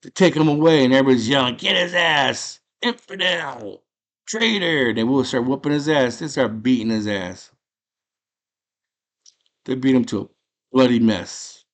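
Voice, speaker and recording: A man casually retelling a movie plot, animated, jumping into quick voices for the characters. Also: medium pitch. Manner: animated storytelling, acting out character lines in quick impressions. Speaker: movie podcast host.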